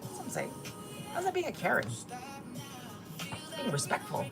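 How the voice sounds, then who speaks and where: A woman's voice: on the high side, huge pitch swings, normal speed, gravelly, loud music behind the voice. A woman hosting a casual livestream, reading chat comments aloud and mocking them with plenty of swearing. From Korea. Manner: sassy, mocking, swears a lot. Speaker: livestream host.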